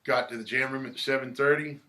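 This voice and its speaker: A man's voice: medium pitch, fairly even intonation, brisk, pushed and bright. A man telling stories in a casual interview, laid-back, swearing freely and acting out what others said. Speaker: musician guest. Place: record shop.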